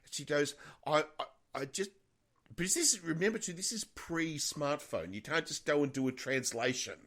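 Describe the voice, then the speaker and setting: A man's voice: fairly high pitch, animated, moderate pace, a bit bright. A middle-aged man co-hosting a podcast, telling a rambling story in casual chat. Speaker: podcast co-host.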